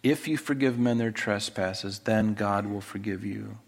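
A man preaching a sermon, earnestly pleading about forgiveness, and rising in pitch and volume as he reads scripture aloud. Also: unhurried, gravelly. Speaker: pastor. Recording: long hall reverb.

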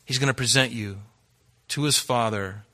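A man preaching an earnest sermon, exhorting his listeners and swinging between loud emphasis and hushed, quiet lines. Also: mid-range voice, moderate pace. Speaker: pastor.

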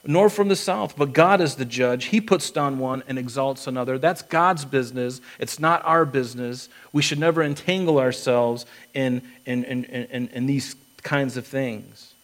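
Man preaching, earnest sermon delivery, acts out quotes, restarts sentences, mid-pitched voice. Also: moderate pace, few pauses, a bit bright, low-quality recording. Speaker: pastor.

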